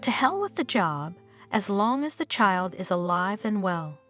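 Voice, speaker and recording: A woman's voice: mid-range voice, very animated, measured pace, fairly bright tone, soft background music. A woman reading the lines of an anxious, emotional young mother in a story.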